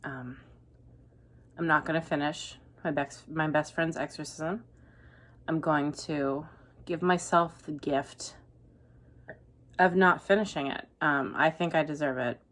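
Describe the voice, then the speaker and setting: Woman, book vlogger, low-ish voice, dry deadpan delivery tipping into ranting. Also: a little slow. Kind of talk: casual reading vlog.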